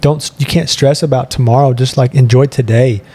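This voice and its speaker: A man's voice: medium pitch, fairly even intonation, moderate pace, mellow. A young man co-hosting a podcast in casual chat, rambling and earnest, laughing between thoughts. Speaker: podcast co-host.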